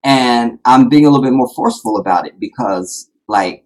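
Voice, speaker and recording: A man's voice: mid-range voice, animated, moderate pace, darkish tone, rough recording. A man hosting a live stream, telling a personal story to his viewers in a rambling, heartfelt way, full of fillers. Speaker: live-streaming channel host.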